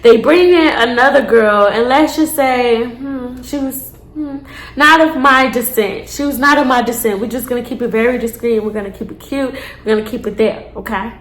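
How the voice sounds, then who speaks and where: A young woman casually telling a story to her viewers, animated and blunt, with profane slangy asides. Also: a little high, moderate pace, echoey room. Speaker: storytime vlogger. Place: indoors, seated on a chair.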